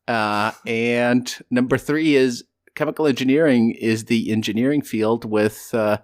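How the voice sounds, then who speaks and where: A man's voice: medium pitch, a little slow. A man guest on a home podcast, talking casually and hesitantly with many fillers and dry humor. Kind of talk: casual interview chat.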